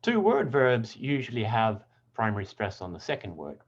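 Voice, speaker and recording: Lively-voiced man teaching pronunciation. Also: lowish voice, lo-fi sound. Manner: clear, deliberate word demonstrations. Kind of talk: scripted lesson narration.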